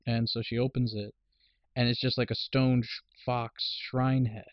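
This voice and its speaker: A man's voice: medium pitch, moderate pace, dry recording. Man animatedly retelling a film plot. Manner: animated retelling, acting out characters' lines; swears freely. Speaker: podcast host recapping a film. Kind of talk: casual chat. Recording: dry, dull lo-fi recording.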